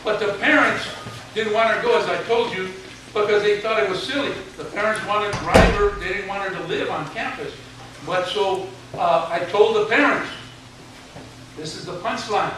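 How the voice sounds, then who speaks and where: A man in his seventies with a high voice spins a humorous, folksy story for a room full of students. He sounds far from the mic in a very echoey hall. Clear background noise sits under his voice. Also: normal speed. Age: 70s. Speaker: retired teacher giving a speech. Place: large hall with an audience.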